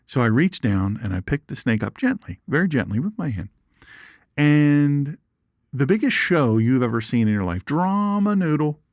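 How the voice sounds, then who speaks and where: A man who hosts a Bible teaching show, explaining Scripture through folksy, animated stories. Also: medium pitch, normal speed, dry recording. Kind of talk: teaching with lively storytelling.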